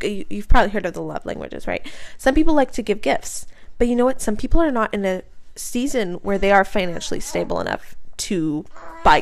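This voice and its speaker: A woman's voice: mid-range voice, vocal fry. Earnest woman talking about her faith. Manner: passionate, fired up; earnest, conversational, asks the listener questions. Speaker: podcast host. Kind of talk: casual faith talk.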